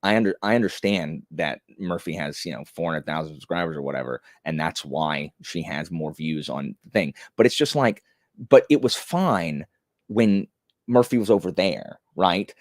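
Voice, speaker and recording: A man's voice: sits low, moderate pace, no echo, clean studio sound. A young man chatting casually on a live stream, rambling and self-deprecating with many fillers.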